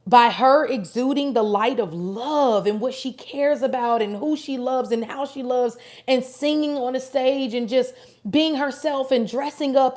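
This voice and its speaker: Chatty woman giving a live tarot reading. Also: a little high. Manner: chatty, warm, affirming, addresses viewers directly. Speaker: tarot reader. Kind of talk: live-stream tarot reading, casual chat with viewers.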